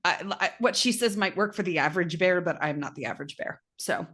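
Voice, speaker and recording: Lively, low-pitched chatty woman. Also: fairly quick. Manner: animated storytelling with laughs and quoted asides. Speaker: podcast co-host. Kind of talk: casual chat.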